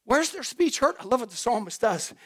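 A middle-aged pastor preaching a sermon in a folksy, animated way, talking straight to his congregation and rising to shouts at his high points. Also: brisk. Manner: folksy, addresses the congregation directly.

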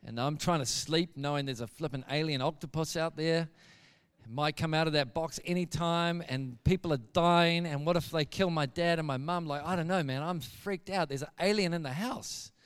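A preacher voicing his excitable island-raised friend, who panics in a rush of urgent words. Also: on the high side, normal speed, smooth, lightly acted. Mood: frightened. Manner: frantic, panicky, breathless urgency. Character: excitable young man from a remote island.

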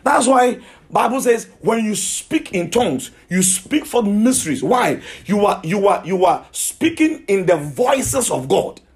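A man's voice: high voice, big pitch swings, unhurried. A man preaching a sermon, emphatic, repeating himself and asking his listeners questions.

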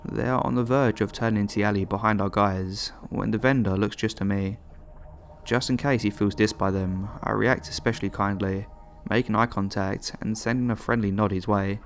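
A man narrating true horror stories as a steady, measured first-person reading. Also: fairly low pitch, a little hiss or hum. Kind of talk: scripted horror story narration.

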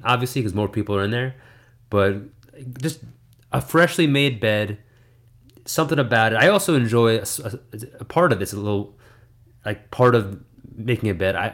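A man co-hosting a podcast, rambling in a laid-back casual chat and restarting his sentences often. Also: on the low side. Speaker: podcast co-host.

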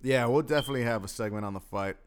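A man's voice: medium pitch, very fast, slight background noise. A young man from Texas co-hosting a podcast, rambling, joking and swearing in casual chat. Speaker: podcast co-host.

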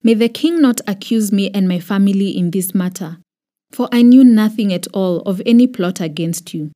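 Kenyan woman reading a humble old priest, earnest and pleading, mellow tone. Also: mid-range voice, moderate pace, lightly acted.

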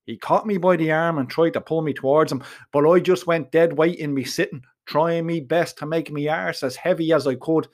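A man with a thick Dublin Irish accent tells his story in first person, earthy and full of swearing and local slang. His voice sits a little on the high side for a man. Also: moderate pace, few pauses. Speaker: narrator. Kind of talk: first-person audiobook narration.

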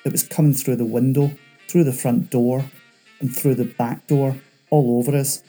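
A man voicing a chatty male escaped convict who talks fast and nervously. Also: medium pitch, steady tone, dark tone, faint music behind, close to an everyday voice.

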